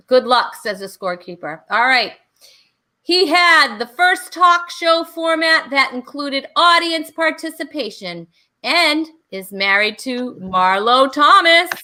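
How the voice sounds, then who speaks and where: A bubbly woman hosts a casual online talk show, running a trivia game and laughing often. Her voice sits high and sounds bright and sharp. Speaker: host.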